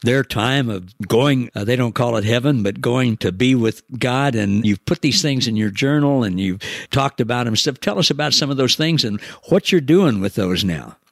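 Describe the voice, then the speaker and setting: A man hosting a casual faith interview, speaking in a gentle, admiring way. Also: mid-range voice, expressive, normal speed, no echo, studio quality. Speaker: host.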